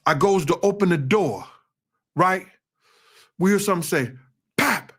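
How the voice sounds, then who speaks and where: High-voiced man telling a vivid story. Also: unhurried, long pauses, breathy edge. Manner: animated, acts out quoted shouts. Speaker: interview guest. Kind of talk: storytelling in a casual interview.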